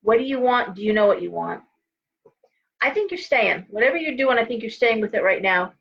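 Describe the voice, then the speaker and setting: A woman's voice: on the high side, expressive, brisk, creaky, muffled recording. Chatty tired woman reading tarot live. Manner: chatty, rambling, frequent restarts and asides. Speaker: host and tarot reader.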